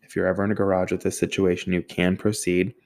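A young man talks fast in a low, creaky, darkish voice with flat delivery, telling a casual, profane anecdote. Mocking himself, he acts out other people's voices and sound effects.

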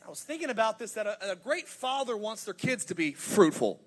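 A man in his thirties preaching a sermon as pastor, energetic and humorous, building to emphatic points. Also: high voice, fairly quick, husky. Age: 30s.

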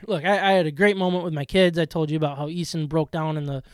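A man in his thirties co-hosting a casual sports podcast, telling stories excitably with quick restarts and laughs. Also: fairly high pitch, smooth, dry recording, studio quality. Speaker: podcast co-host.

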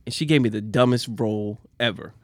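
A man co-hosting a casual chat, animated and quick to laugh loudly. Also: on the low side, no echo. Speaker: podcast co-host.

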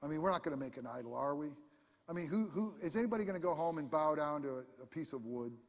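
A man's voice: a little high, expressive, fast talker, creaky. Impassioned preacher man in a reverberant hall. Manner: impassioned preaching, rising to shouts. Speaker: pastor. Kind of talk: sermon.

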